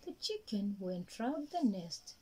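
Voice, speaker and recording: A woman telling a story to young children in a gentle, slow, sing-song way, with lots of repetition. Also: mid-range voice, very animated, breathy edge, poor audio. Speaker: kindergarten storyteller.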